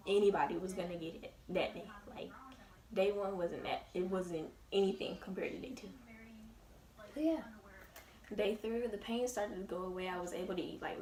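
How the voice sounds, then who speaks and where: A young woman telling a story in a casual, animated and emphatic way. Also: medium pitch, distant mic. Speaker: vlogger. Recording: roomy, away from the mic.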